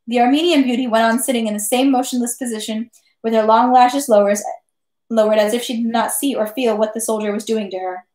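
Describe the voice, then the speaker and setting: A woman reading a classic novel aloud at home, steady with occasional slips and self-corrections. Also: a little high, fairly quick, echoey room. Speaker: reader.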